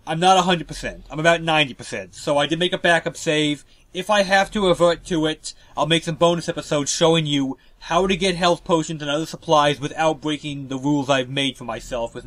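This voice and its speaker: A man with a slightly higher voice runs a video game walkthrough, talking casually and cracking jokes at his own expense. He keeps up a loose, chatty commentary throughout. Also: a bit bright. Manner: chatty, joking, self-deprecating. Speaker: let's play host.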